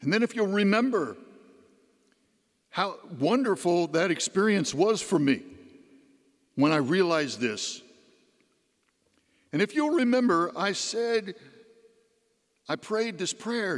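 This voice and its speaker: A man's voice: sits high, lively intonation, slow, long pauses. A man, a deacon, giving a homily as a folksy personal story, his voice rising and dropping. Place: church. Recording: long church reverb.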